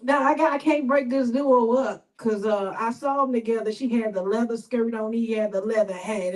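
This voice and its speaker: Open-mic emcee: woman, high voice, loose chatty patter full of fillers. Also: steady tone, moderate pace, few pauses, darkish tone, low-quality recording. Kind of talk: casual emceeing.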